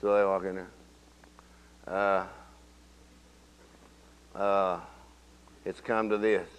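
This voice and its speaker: A man preaching a sermon in church, telling folksy stories and swinging from low murmurs to shouted declarations. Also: flat delivery, very slow, a little hiss or hum. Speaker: pastor.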